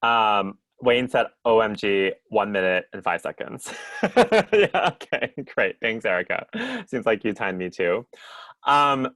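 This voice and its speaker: A man's voice: lowish voice, a little slow, sharp tone, no room sound. Upbeat man presenting a video-call workshop. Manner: upbeat, chatty, checks in with "right?" and "okay?". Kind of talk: interactive online workshop teaching.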